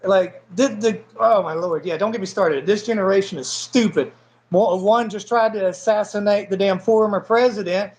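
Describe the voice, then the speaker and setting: A man's voice: high voice, normal speed, darkish tone, rough recording. A blunt, profane man in his forties with a Southern American accent, chatting casually as an interview guest and laughing often. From Southern United States. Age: 40s. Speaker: guest wrestler. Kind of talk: casual chat.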